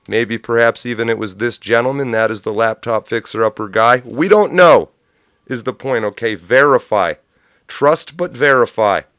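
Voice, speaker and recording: Male stream host, mid-pitched voice, smooth and crisp, dry close sound; riffs crude, sarcastic rants. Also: normal speed, a bit bright, no echo. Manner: sardonic, profane riffing; rambling absurd tangents. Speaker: livestream host. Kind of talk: comedic political commentary.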